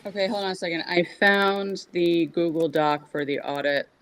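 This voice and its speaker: Gravelly-voiced woman fumbling on a call. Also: lowish voice, normal speed, a little hiss or hum. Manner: fumbling with the computer, keeps saying "hang on a second". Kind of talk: casual video-call meeting. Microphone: video call.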